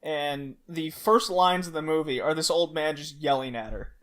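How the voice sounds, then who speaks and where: A man's voice: on the high side, moderate pace, a loud crowd. A man on a podcast, casually recapping an anime plot, laughing often and restarting his sentences. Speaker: podcast host. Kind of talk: casual chat.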